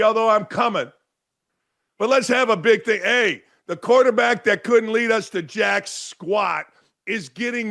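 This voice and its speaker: An older man tears into a sports topic in a loud, sarcastic rant. He mocks people with quick impressions as he goes, and his voice sits higher than most men's. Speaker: sports radio host. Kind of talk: ranting sports commentary.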